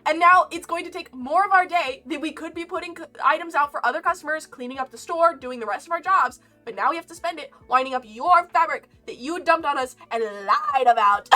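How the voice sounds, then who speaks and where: A woman streamer telling work stories in casual chat, animated and laughing often, with mock exasperation. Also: sits high, brisk. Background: lo-fi game music.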